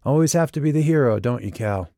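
A man voicing the wry, gentle ghost of a young man in an audiobook. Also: mid-range voice, expressive, fast, gravelly, dry recording, studio quality, voice pushed up.

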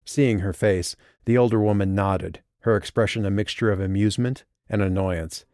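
A man narrating an audiobook in an even, steady reading. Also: on the low side, moderate pace, no echo, clean studio sound. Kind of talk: scripted narration.

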